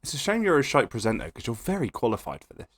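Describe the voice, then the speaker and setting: A man's voice: mid-range voice, wildly swooping pitch, fast. A man on a comedy podcast, flustered and teasing and often giggling. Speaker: podcast co-host. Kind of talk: casual comedic chat.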